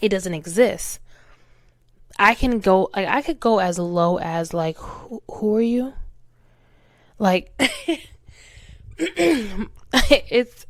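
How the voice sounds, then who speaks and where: A woman's voice: fairly low pitch, smooth, dry recording. A young woman hosting a casual talk show, speaking candidly and chattily and laughing at herself. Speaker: podcast host. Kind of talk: casual chat.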